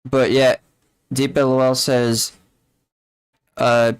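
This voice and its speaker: A man's voice: mid-range voice, little pitch movement, slow, smooth, no room sound. A man streaming a game, chatting casually and rambling along to his viewers. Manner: rambling, chatty, talks to chat. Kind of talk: casual live-stream chat.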